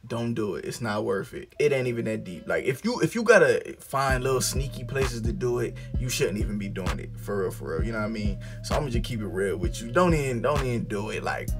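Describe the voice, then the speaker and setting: A young man tells a story to his viewers in a loose, casual vlog, putting on the voices of the people he quotes. His pitch jumps around a lot, and clear music plays behind him. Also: brisk, hardly any pauses. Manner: animated, acts out quoted voices. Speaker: vlogger.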